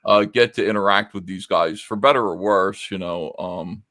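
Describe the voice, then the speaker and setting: A man's voice: low-pitched, normal speed, sharp tone, dry recording, clean studio sound. A middle-aged man hosting a livestream, telling a rambling anecdote with many fillers, restarts and casual swearing. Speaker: host.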